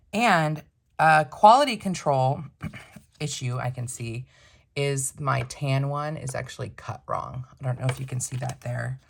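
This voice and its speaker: A woman with a notably low voice chats through an unboxing. She muses aloud, asks herself quick questions and answers them, in an easygoing vlog manner. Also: creaky, slight background noise. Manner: chatty, thinks aloud, self-questioning asides. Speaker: planner unboxing vlogger. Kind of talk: casual unboxing chat to camera.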